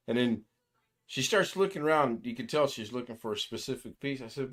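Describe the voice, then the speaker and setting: An older man hosting a casual livestream. He rambles through anecdotes at an ordinary middle pitch, acting out the people in his stories and chuckling as he goes. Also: animated, a little fast. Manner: rambling storyteller who acts out quoted voices, chuckling often. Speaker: livestream host. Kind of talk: casual chat.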